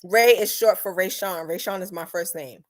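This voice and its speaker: A young woman chatting casually on a live stream, reading comments and acting out her mother's lines in a lively, talkative way. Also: fairly low pitch. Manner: lively, chatty, quick mood swings, acts out her mom's lines. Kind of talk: casual chat.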